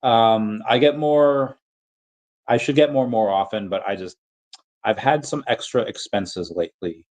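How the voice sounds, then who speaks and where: A man's voice: medium pitch, unhurried, a little mellow. A man hosting a casual livestream, answering chat questions in a rambling, self-correcting way.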